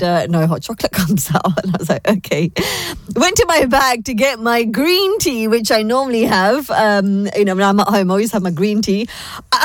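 A woman's voice: a little high, no echo. A woman presenting a breakfast radio show from a studio, chatting and telling a story while she keeps laughing. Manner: giggly, animated storytelling. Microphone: studio microphone.

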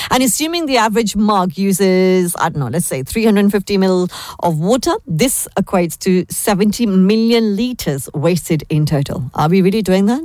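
A woman's voice: medium pitch, darkish tone, no room sound. A woman presenting a morning radio show, chatting casually and dropping Hindi words into her English.

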